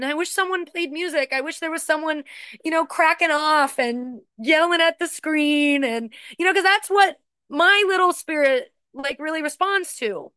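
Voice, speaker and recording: Woman sharing her recovery in a searching, emotional way, fairly high voice, dry recording. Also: normal speed, bright, forceful tone, no echo. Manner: searching, repetitive, emotional, with many restarts. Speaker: recovery speaker. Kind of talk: personal share talk.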